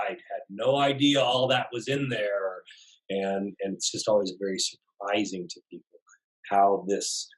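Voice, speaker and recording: Calm, lower-voiced male facilitator. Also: low-quality recording. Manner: calm, gentle, explanatory. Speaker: somatic facilitator. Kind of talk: guided teaching talk.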